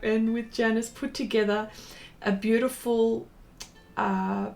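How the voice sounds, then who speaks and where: Woman art streamer, slow, sentimental, chatty with viewers. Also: mid-range voice, creaky. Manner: slow, halting and emotional, trying not to cry, laughing. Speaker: live-stream art host. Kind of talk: chatty live stream while painting, reading viewer questions.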